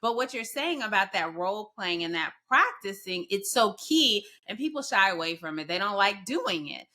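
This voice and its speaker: A woman's voice: mid-range voice, sing-song, normal speed, pushed and bright. A woman hosting a podcast interview, asking questions and sharing advice in an earnest, affirming way, with long run-on thoughts. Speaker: podcast host.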